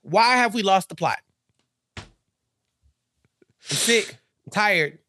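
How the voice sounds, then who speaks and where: A man's voice: sits high, lively intonation, slow, bright, forceful tone, no room sound, studio quality. A man co-hosting a podcast, chatting casually and animatedly, acting out characters' lines as he recaps a TV episode. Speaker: podcast co-host.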